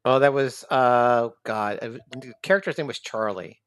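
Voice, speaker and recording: A man hosting a podcast, talking bluntly with casual swearing and halting restarts. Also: mid-range voice, smooth, dry recording. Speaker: podcast host.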